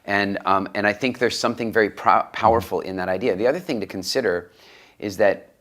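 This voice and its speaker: A middle-aged man being interviewed, telling stories in a lively conversational way. His voice jumps up when he quotes other people. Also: brisk. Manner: animated, rises in pitch when quoting others. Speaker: interview guest, speaker and coach.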